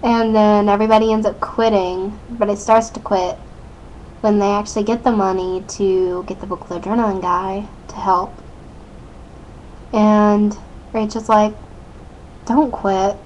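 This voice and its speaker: A woman's voice: medium pitch, fairly even intonation, moderate pace, darkish tone, slight background noise, rough recording. A teenage girl recapping a TV episode into her webcam, chatty and rambling, full of "like" and "um", giggling often. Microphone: built-in webcam mic.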